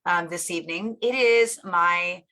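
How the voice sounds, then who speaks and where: A middle-aged woman hosting a live stream, chatting casually in an upbeat, gushing way while a bit hoarse from losing her voice. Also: fairly low pitch, measured pace, pushed and bright. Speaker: live-stream host and teacher.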